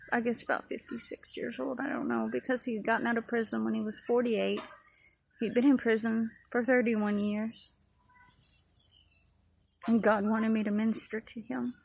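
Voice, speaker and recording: A woman's voice: a little high, flat delivery, moderate pace, vocal fry, long pauses, slightly rough, poor audio. A woman giving a personal testimony sermon in an earnest, repetitive preaching cadence. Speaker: ministry speaker.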